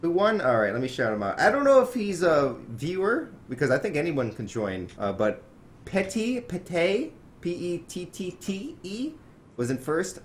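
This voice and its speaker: A man from Wisconsin hosting a casual podcast, talking excitably and swearing a lot. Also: a little high, normal speed, slight background noise. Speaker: podcast host.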